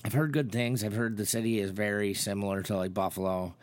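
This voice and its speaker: Low-voiced man telling a rambling story. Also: fairly even intonation, brisk. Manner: rambling storyteller, acts out quotes with pitch jumps. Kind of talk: casual chat.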